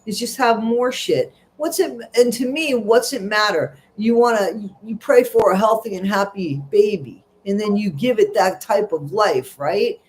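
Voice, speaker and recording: A man's voice: high-pitched, unhurried, few pauses. A middle-aged man hosts a casual livestream, reading out viewer comments and gossiping in a rambling, chatty way. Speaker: livestream host.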